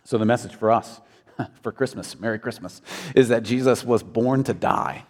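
A man's voice: medium pitch, normal speed, a little mellow. Earnest male preacher in a reverberant hall. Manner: earnest, rising to emphatic peaks. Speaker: pastor. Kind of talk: sermon.

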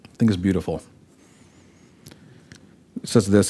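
A man's voice: mid-range voice, animated, normal speed, a little mellow. A man, a pastor, preaching a sermon and reading scripture aloud expressively, acting out the quoted lines.

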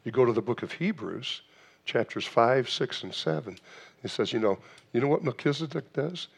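A man's voice: mid-range voice, animated, moderate pace, creaky, husky. A man preaching a sermon in a church, asking rhetorical questions, with frequent restarts and fillers. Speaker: pastor.

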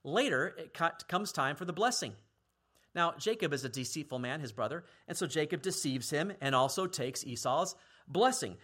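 A male pastor preaching a sermon earnestly, at times dropping to a hushed, grave tone for emphasis. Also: on the high side, animated, moderate pace.

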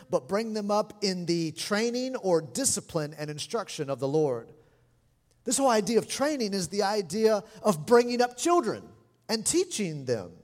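A middle-aged man preaching a sermon as pastor, animated and expressive, lively in his delivery. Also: high-pitched. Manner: animated preaching, lively mimicry of scolding parents. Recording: long hall reverb.

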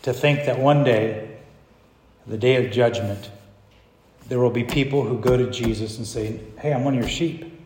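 A man pastor preaching a sermon, swinging from hushed, low passages to loud, emphatic declarations. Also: normal speed, long pauses, roomy sound, big-room sound, slight background noise.

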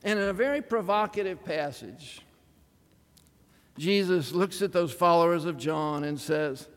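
A man delivers a sermon in a high, lively voice that leans into drama and wry humor. Long reverb from a large church hall trails after each phrase. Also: a little slow. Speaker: preacher.

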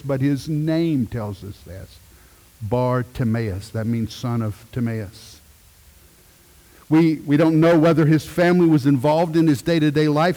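A middle-aged man, a pastor, preaching a sermon with emphatic swells and hushed moments. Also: a little high, big-room sound.

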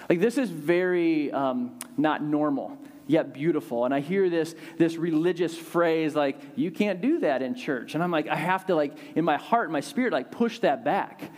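A male pastor giving a conversational, animated sermon with lots of fillers and restarts. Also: a little high.

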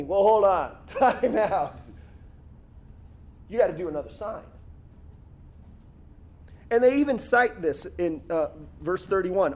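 Animated high-voiced male preacher. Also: unhurried, long pauses. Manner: animated, conversational preaching with laughs and quoted voices. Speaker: pastor. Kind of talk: sermon.

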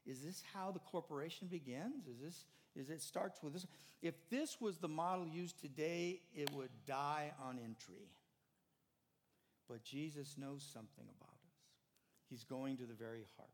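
An older man preaching a conversational sermon, swinging from emphatic, raised passages to soft, quiet ones, with many restarts and asides. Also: medium pitch, vocal fry. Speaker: pastor. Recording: hall reverb.

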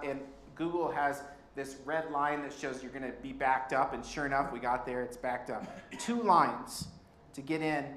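A man preaching a sermon, telling a travel story in a conversational, animated way with occasional laughs. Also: medium pitch. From Colorado. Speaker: pastor. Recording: roomy hall sound with faint background noise.

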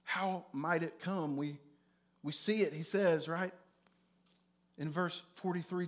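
A man preaching a sermon as a pastor, conversational and animated, often checking in with "right?". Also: fairly high pitch, slow pace, long pauses. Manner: conversational, with frequent "right?" tags; animated storytelling with bursts of loudness.

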